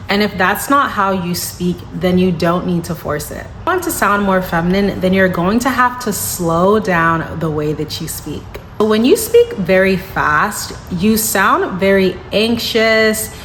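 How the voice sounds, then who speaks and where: Young woman, slow gentle advice-giver, steady mid pitch, for a talking-to-camera coaching video. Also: slight background noise. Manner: deliberate, slow, gentle delivery. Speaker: YouTuber giving femininity advice. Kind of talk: speaking-to-camera advice lesson.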